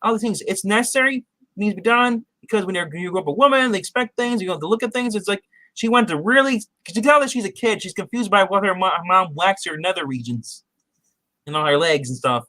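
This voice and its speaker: A man's voice: high voice, expressive, quick pace, bright, forceful tone, no room sound. A man on a podcast casually recapping a TV episode, rambling with many restarts and acting out quotes. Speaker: podcast co-host.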